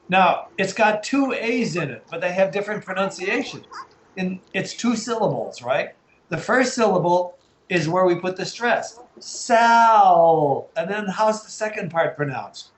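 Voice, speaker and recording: A fairly high-voiced American man leads an online English lesson, patiently breaking words into syllables and spelling them out. His voice carries the echo of a bare room over a call, with faint noise underneath. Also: lively intonation, normal speed, a bit bright. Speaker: English teacher. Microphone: video call.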